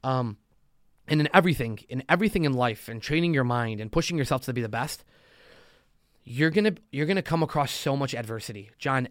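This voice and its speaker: A man's voice: mid-range voice, no room sound, studio quality. Chatty man on a motivational ramble. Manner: talks fast in long motivational runs, acts out quotes. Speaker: podcast guest, loan officer. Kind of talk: casual podcast talk.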